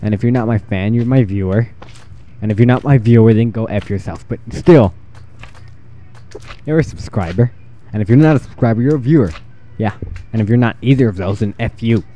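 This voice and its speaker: Guy rambling over his game, jokey and jumpy, kinda low mellow voice. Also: a little fast, slight background noise. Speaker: gaming channel host. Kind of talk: casual gameplay commentary.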